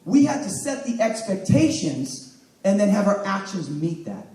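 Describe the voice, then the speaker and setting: Male health coach, high and animated, motivational stage talk, distant echoey room sound. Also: normal speed. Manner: energetic, emphatic, calls on audience members. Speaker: health coach speaking to a live audience.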